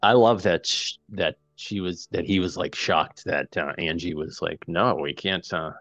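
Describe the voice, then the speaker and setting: A man's voice: sits low, moderate pace, fairly bright tone, no room sound, muffled recording, soft background music. A man hosting a movie podcast, chatting casually and recapping the plot with many fillers and restarts. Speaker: podcast host.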